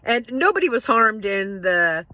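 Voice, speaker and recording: A woman telling a joke story in a casual way, jumping up in pitch for the quoted voices. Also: unhurried, no echo, highs cut off. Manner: animated, jumps to high pitch for quoted voices.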